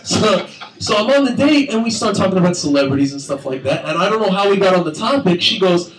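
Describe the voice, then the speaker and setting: A man's voice: sits high, expressive, fast. A young man doing a crude, rambling stand-up comedy set on a club stage, laughing at his own jokes. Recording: echoey room from far, crowd noise.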